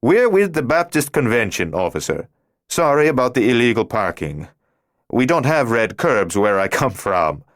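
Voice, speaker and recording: A man's voice: medium pitch, very animated, normal speed, voice pushed up, lightly acted. A male narrator voicing a tense German officer who speaks with a German accent and guarded, stiff politeness in an audiobook.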